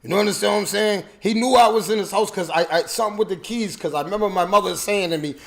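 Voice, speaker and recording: A man in casual chat, telling animated, loud stories with lots of laughter. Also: high voice, fast, creaky.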